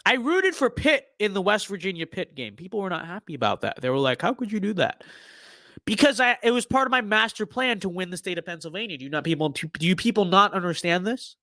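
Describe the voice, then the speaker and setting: A man's voice: high voice, very animated, quick pace, hardly any pauses, sharp tone, no echo, studio quality. A young man giving casual gameplay commentary on a stream, full of ironic mock-political bluster and repeated catchphrases.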